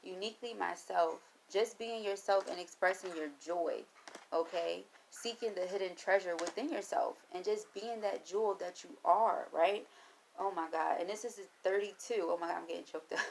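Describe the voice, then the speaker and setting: A woman's voice: fairly low pitch, gravelly, slight background noise, rough recording. A woman reading tarot cards for her viewers, who encourages them, talks to Spirit aloud and repeats her phrases like mantras. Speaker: tarot reader.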